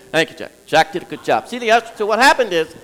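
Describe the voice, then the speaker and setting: Halting, lively preacher man. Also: sits high, poor audio. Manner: halting, many restarts, chuckles often. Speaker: preacher teaching a congregation. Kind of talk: sermon teaching. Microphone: recorded for viewers at home.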